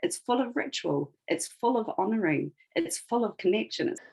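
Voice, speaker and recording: On a podcast, a woman guest reflectively retells a fairy tale and links it to the present, stressing key moments in a conversational storytelling style. Her medium-pitched voice is expressive and a little mellow, with vocal fry, at a normal pace. The recording quality is low.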